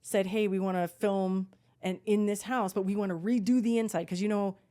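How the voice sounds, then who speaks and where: Animated young woman podcast co-host. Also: medium pitch, a little fast. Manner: animated storyteller, acts out quoted voices. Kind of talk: casual chat.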